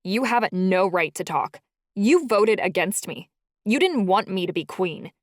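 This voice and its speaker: A woman's voice: low voice, normal speed, no room sound, studio quality, natural voice. A woman voicing a fierce, hot-tempered young woman shifter who talks sharply. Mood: defiant. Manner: sharp, snapping.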